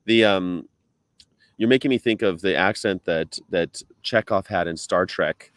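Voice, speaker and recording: A man chatting casually on a live video stream, laughing often and breaking into high mock voices when he quotes people. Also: measured pace. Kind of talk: casual chat.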